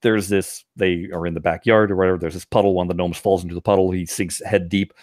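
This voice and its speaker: A man co-hosting a podcast, chatting casually and retelling scenes with lively put-on voices. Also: deep voice, quick pace, no room sound, studio quality. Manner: animated storyteller, puts on silly voices when retelling scenes. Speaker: podcast co-host. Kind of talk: casual chat.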